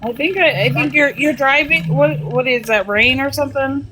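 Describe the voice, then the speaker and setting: A woman hosting a casual live stream chat, unhurried and laughing as she tells stories. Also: high-pitched, pushed and bright, a little hiss or hum, low-quality recording.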